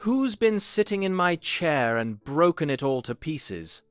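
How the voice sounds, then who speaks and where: A man voicing a little boy bear cub in a storybook reading, with a shrill, squealing, whiny voice. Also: big pitch swings, measured pace, no echo, soft background music. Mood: shrill upset. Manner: whiny and easily upset.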